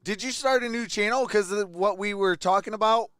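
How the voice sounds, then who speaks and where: A man hosting a casual live stream with a hoarse, worn-out voice, who greets viewers one by one and laughs often. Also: sits high, fairly quick, fairly bright tone, no room sound, studio quality. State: hoarse, voice nearly gone. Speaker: livestream host.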